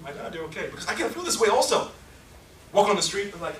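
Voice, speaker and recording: A man's voice: on the high side, animated, fast, a bit bright, echoey room, distant mic, a little hiss or hum. A man preaching a passionate sermon, acting out scenes in different voices. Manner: impassioned, acts out scenes in many voices.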